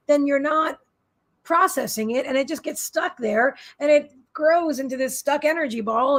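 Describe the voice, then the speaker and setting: A middle-aged woman, a psychic healer, gives a live-streamed spiritual reading in a rambling, repetitive, soothing manner. Her voice sits high.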